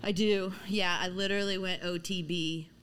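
A woman's voice: lowish voice, fairly even intonation, normal speed, fairly bright tone, clear, resonant tone. A woman from Louisiana, a podcast guest, chatting casually and laughing between phrases. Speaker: podcast guest, mountain biker. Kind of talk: casual chat.

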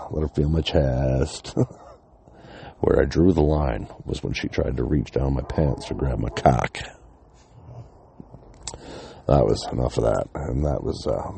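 A man's voice: very deep voice, gravelly, warm tone, husky. A man, casually telling a personal story, swearing often and laughing between lines.

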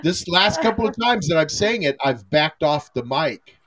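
A man's voice: on the high side, very animated, moderate pace, crowd noise. An older American man hosting a podcast, joking and rambling in casual chat, laughing often. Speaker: podcast host.

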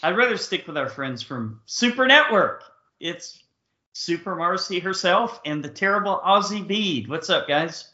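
A man hosting a casual podcast chat in a jokey, animated way. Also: high voice, a little slow. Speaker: podcast host. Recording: roomy, lo-fi call audio.

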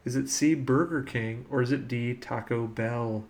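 A man's voice: medium pitch, fairly even intonation, a little mellow, a little hiss or hum. A man hosting a casual podcast quiz, reading out questions and laughing now and then. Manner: reads questions with quick laughs. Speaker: quiz host.

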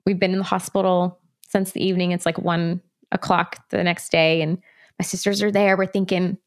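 Woman, 30s, slightly low voice; candid, rambling storyteller in an interview. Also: level tone, normal speed. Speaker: guest. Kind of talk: personal story in conversation.

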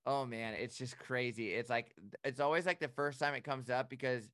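A man co-hosting a podcast, telling a lively story in casual chat and acting out his own reactions. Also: mid-range voice, normal speed, no room sound, clean studio sound. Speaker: boat operator and podcast co-host.

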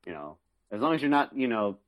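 A man's voice: mid-range voice, sing-song, fairly quick, no echo, lo-fi sound. A man co-hosting a podcast in a casual chat, laid-back and crude, laughing easily. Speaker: podcast co-host.

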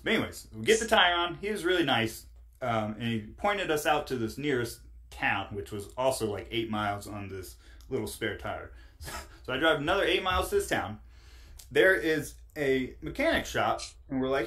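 A man's voice: medium pitch, lively intonation, moderate pace, a bit bright. A man as a podcast guest, telling a rambling story in casual chat, laughing often and full of fillers.

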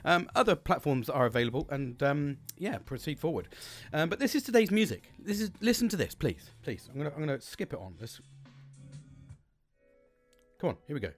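A man's voice: fairly high pitch, sing-song, brisk, faint music behind. A British man hosting a solo podcast, rambling and upbeat, swearing freely between fillers and restarts. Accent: British English. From Britain. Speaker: podcast host. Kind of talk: casual solo podcast chat.

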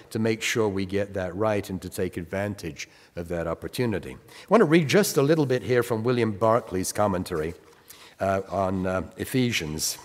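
A man preaching a sermon, reading scripture aloud and stressing key words as he explains them. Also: on the low side. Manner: emphatic, reads scripture with rising stress. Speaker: pastor. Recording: long reverb of a hall.

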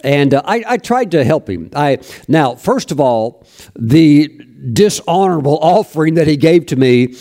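A man's voice: a little high, animated, normal speed, mellow. A man preaching a sermon, telling stories from his ministry in a folksy, anecdotal way with frequent restarts. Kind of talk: sermon storytelling.

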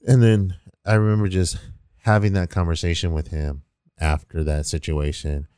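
A young man with a very deep, warm voice, smooth and resonant. He rambles through a casual story with lots of "like" fillers, recorded close and dry. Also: little pitch movement, normal speed, no echo. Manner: rambling, heavy use of 'like', swears casually.

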